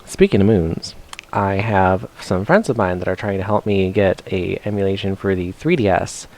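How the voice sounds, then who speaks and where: A man's voice: low voice, moderate pace, a little mellow, a little hiss or hum. A man casually commenting as he plays a video game, chatty and self-mocking, often talking to the characters on screen. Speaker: streamer. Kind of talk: casual let's-play commentary.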